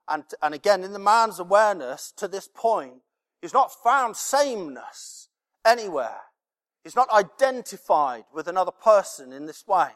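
A man's voice: high voice, a bit bright. A male preacher giving a sermon, speaking emphatically with repeated phrases and rhetorical questions. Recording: long hall reverb.

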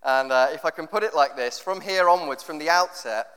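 A man preaching a sermon, reading scripture and explaining it in a conversational, animated way. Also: on the high side, fairly quick, clean tone. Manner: conversational, animated with rhetorical questions. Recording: long reverb of a hall.

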